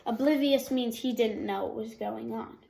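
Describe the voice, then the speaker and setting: A woman reading a children's picture book aloud, expressive, pausing to explain words for young listeners. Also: fairly high pitch, creaky, background noise. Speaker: storybook reader.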